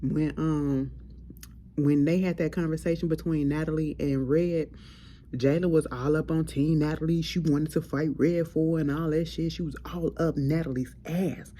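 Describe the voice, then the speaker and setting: A woman with a low, warm, relaxed voice talks through reality TV drama in blunt, profane casual chat. She tells it in an animated, storytelling way. A faint hum sits under her voice. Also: moderate pace. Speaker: host.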